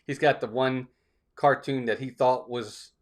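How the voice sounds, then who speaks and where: A man's voice: mid-range voice, fairly even intonation, a little slow. A man hosting a live stream in a casual, upbeat way, greeting chat viewers one by one by name.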